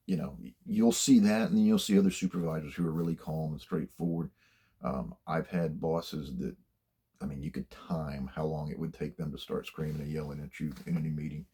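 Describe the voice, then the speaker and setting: A man's voice: a bass voice, fairly even intonation, moderate pace, warm tone, slightly rough. An older man giving blunt, plainspoken career advice in a casual monologue, swearing freely as he tells stories from his working life. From United States.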